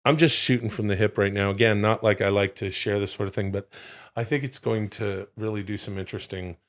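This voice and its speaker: A man's voice: lowish voice, steady tone, fairly quick. A man co-hosting a comedy podcast, talking in a rambling, profane, loose and joking way. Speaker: podcast co-host. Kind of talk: casual comedic chat.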